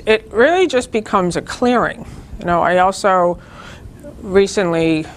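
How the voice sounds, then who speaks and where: A woman's voice: on the low side, a little hiss or hum. A woman leading a spiritual group, giving an earnest, informal talk that teaches through personal stories.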